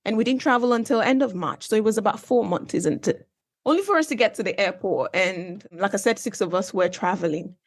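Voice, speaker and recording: A young woman from Nigeria talks through a travel story on her own podcast, chatty and animated. She keeps turning to her listeners with asides and questions. Her voice sits in a middle pitch, and the sound is dry and close to the mic. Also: a little fast, no echo. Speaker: podcast host. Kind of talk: casual solo storytelling podcast. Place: based in Manchester, recorded dry and close.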